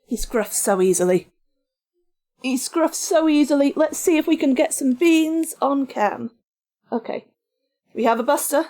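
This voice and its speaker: A woman's voice: high voice, a little slow, long pauses. Chatty woman streamer. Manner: chatty, animated, reads and answers chat. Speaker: game streamer. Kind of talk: casual live-stream chat.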